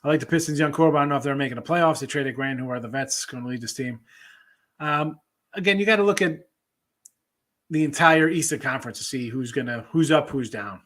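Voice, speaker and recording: A sports betting show host talks briskly in a mid-range, slightly bright voice, casually reading viewer comments on his livestream and jumping loosely between subjects.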